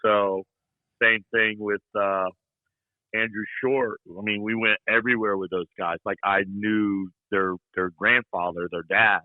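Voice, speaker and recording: A man's voice: on the low side, steady tone, measured pace, no echo, phone-quality sound. A middle-aged man telling stories in a rambling, folksy way, full of "you know" and playful ribbing. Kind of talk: casual storytelling chat.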